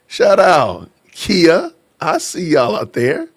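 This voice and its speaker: Casting note: animated male livestream host, playful, laughing, slightly high voice, dry close sound. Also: slow pace, breathy edge, no echo. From Aurora, Illinois. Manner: playful, laughing, shout-outs to chat. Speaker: podcast host. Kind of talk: casual livestream chat. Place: home in Georgia.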